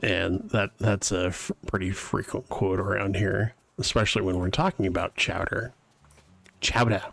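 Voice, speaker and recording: A man's voice: deep voice, fairly even intonation, normal speed, gravelly, few pauses, fairly bright tone, no echo. A man streaming a video game live, chatting casually and rambling to his viewers as he plays. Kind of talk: casual live-stream chat while playing.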